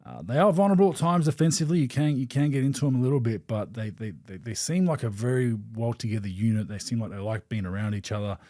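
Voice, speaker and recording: Australian man, podcast host, casual sports chat, dry close sound, mid pitch. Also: quick pace, hardly any pauses, mellow, no echo.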